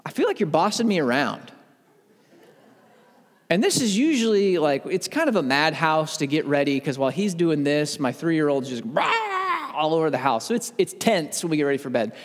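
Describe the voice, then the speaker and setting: Animated man teaching in an echoey room. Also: fairly high pitch, fairly quick, few pauses. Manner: animated storyteller who gets worked up. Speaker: podcast host teaching on faith. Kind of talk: conversational Bible teaching with personal stories.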